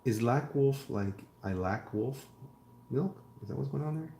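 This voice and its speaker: Warm and gravelly, this mid-range male voice moves a little slowly as a comic artist draws live and chats casually. He reads comments from chat out loud and riffs jokingly, rambling along; the sound is roomy with a little hiss or hum.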